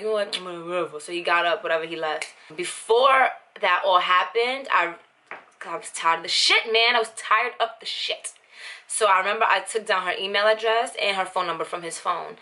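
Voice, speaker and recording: Bright-voiced, blunt young woman vlogger. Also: lowish voice. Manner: blunt, animated, full of "like". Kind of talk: casual storytime monologue.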